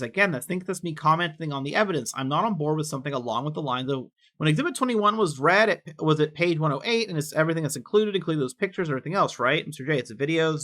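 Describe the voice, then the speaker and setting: Fast-talking bright-voiced man reading records. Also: on the high side. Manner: quick, offhand reading that slips into personal asides. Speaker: online commentator reading court records. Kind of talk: reading documents aloud with casual commentary.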